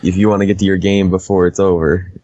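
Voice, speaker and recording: A man co-hosting a casual podcast, deadpan and easygoing, who laughs often. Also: low-pitched, fast talker, dry recording, dull audio. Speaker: podcast co-host.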